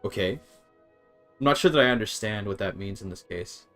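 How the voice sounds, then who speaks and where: Streaming a game, this man talks casually and reasons out loud over a translation, stumbling through restarts and trying out German words. His voice sits on the low side with a fairly bright tone, faint music plays behind him, and English is his first language.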